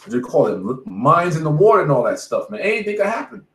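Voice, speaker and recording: A man's voice: fairly high pitch, sing-song, quick pace, a bit bright. A man around forty teaching the bible, casually preaching and telling war stories, emphatic and profane, saying "man" after almost every phrase. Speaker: street bible teacher leading the study. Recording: echoey room.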